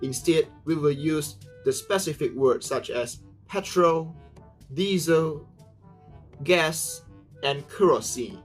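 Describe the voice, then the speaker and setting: A man's voice: on the high side, slow pace, faint music behind. A young Malaysian man with a Malaysian accent, presenting a scripted pronunciation lesson and carefully over-stressing the example words. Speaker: student presenter.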